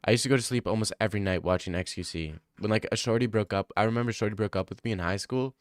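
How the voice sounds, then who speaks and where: Joking young man with a crisp voice. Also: on the low side, racing, dry recording, studio quality. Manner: joking, profane, rambling. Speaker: streamer. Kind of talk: casual live-stream chat.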